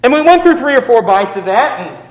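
A male preacher telling a story in a sermon, swinging between loud emphatic peaks and hushed low asides. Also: big pitch swings, brisk, in a large hall, lo-fi sound.

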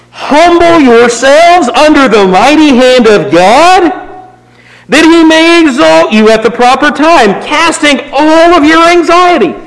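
High-voiced guy preaching, real lively up and down, long hall reverb. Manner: swings from raised emphatic lines to low quiet asides. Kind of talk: sermon.

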